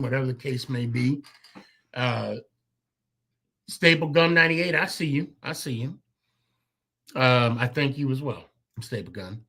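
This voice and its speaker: A man hosting a sports fan podcast, closing the show with loose, rambling thank-yous and shout-outs to listeners. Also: mid-range voice. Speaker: podcast host. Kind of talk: casual sign-off chat.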